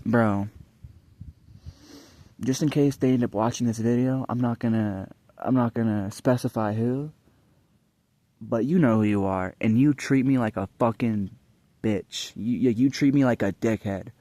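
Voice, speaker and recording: A young adult man vlogs in a casual, rambling monologue, swearing often and frequently restarting his sentences. His medium-pitched voice is mellow and unhurried, with no echo.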